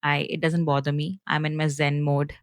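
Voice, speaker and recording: A woman with an Indian accent, hosting her podcast solo and talking fast and earnestly to her viewers, with frequent fillers. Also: sits low, little pitch movement, no echo. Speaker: podcast host.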